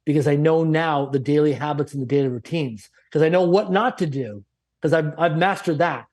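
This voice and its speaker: A middle-aged man from Canada, a guest on an interview show, telling his story in an energetic motivational way with emphatic, punchy lists and acted-out dialogue. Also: on the high side, fairly quick.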